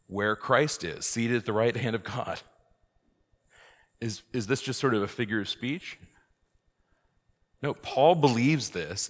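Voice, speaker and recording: Lively low-voiced priest teaching a class. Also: male voice. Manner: lively, rhetorical questions, emphatic outbursts. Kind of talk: conversational church class teaching. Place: church hall. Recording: long hall reverb.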